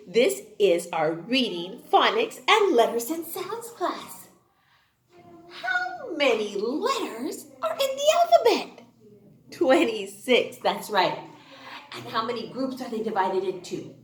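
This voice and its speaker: A woman's high voice swoops up and down as she leads a kindergarten phonics lesson, playful and exaggerated. She speaks slowly and clearly, drawing out each word. The recording sounds roomy and echoey. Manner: sing-song, exaggerated and playful. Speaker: kindergarten teacher. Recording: roomy echo.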